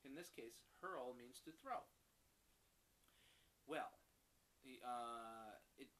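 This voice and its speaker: A father reading a picture book aloud to his young daughter, animated and stopping to explain words. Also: medium pitch, very slow, pauses often, low-quality recording.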